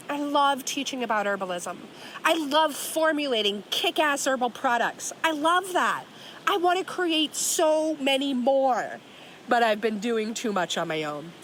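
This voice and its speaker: A woman's voice: a little high, fairly bright tone, a little hiss or hum. A woman in her forties hosting a personal podcast outdoors by a river, talking in an earnest, heartfelt way and often checking in with "right?". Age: 40s. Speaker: podcast host, herbalist. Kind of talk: personal reflective podcast talk.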